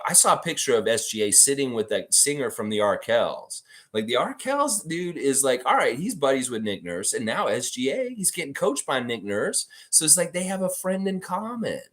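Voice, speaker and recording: Animated man hosting a sports livestream. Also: medium pitch, moderate pace, few pauses. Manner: rambling, reads viewer comments aloud. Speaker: livestream host. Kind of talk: casual live-stream sports talk.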